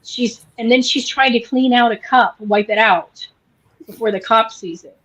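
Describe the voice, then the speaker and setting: A woman's voice: fairly high pitch, moderate pace, husky. Chatty woman retelling a story. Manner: animated retelling with quoted voices. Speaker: podcast co-host. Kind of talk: casual storytelling chat. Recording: slightly dull lo-fi sound.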